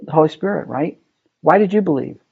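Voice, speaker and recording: A man's voice: on the high side, animated, fairly quick, creaky, breathy edge, phone-quality sound. A man leading a casual Bible study, talking through the text conversationally and asking his group questions. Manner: conversational, asks the group questions, many ums and rights.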